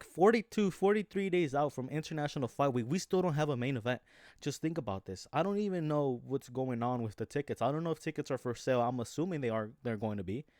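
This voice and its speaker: A man's voice: medium pitch, a little mellow, no room sound, studio quality. A man talking casually about fight news in a rambling way, full of restarts and fillers. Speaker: MMA commentary YouTuber. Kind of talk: casual talk.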